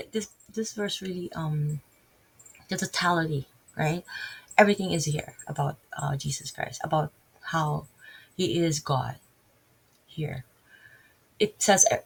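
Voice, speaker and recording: Gravelly husky Filipino-accented woman. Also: sits low, rough recording. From Philippines. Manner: halting, rambling, many restarts and fillers; earnest, openly emotional about faith. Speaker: vlogger and massage therapist. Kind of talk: unscripted casual vlog talk.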